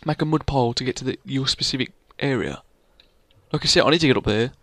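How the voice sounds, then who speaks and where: A man's voice: mid-range voice, fast, fairly bright tone, no room sound. A man, casually chatting and teasing a friend while playing a building game. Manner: rambling, playful, teasing his co-player. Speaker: let's play gamer. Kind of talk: casual gameplay commentary.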